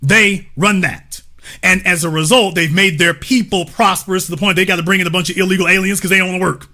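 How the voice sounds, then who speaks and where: A man's voice: high voice, steady tone, quick pace, pushed and bright. A man hosting a livestream, giving emphatic, profane opinion commentary and talking straight to his chat. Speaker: livestream host.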